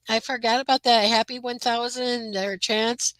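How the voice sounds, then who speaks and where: A woman hosts a relaxed live chat from her room, greeting viewers by name and rambling along with lots of fillers. Her voice is bright and forward. The sound is dry and close, picked up by a computer mic. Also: a little high, a little slow, hardly any pauses, no echo, poor audio. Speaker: livestream host.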